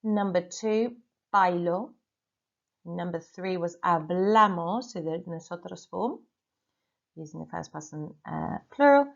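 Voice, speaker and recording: A woman Spanish teacher giving a recorded lesson, reading dictation sentences slowly and carefully, then going through corrections. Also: fairly low pitch, creaky, highs cut off. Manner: slow, carefully spelled-out dictation.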